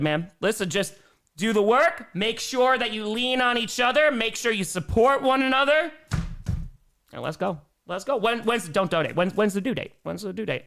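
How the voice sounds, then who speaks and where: A young man hosts a live sports stream and reads fan donations between energetic cheers. His voice sits high and swings widely in pitch. The tone is bright and the manner jokey.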